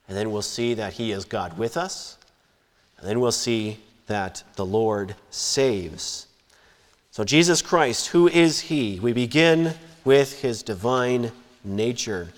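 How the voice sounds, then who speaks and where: A man preaching a sermon in a measured, emphatic way, lifting and dropping his voice for stress. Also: medium pitch. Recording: long hall reverb.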